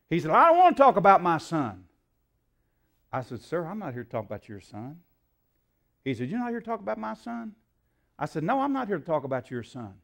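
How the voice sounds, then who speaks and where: Folksy preacher man telling a story. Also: medium pitch. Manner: folksy storyteller, acts out dialogue, frequent fillers. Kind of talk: sermon storytelling.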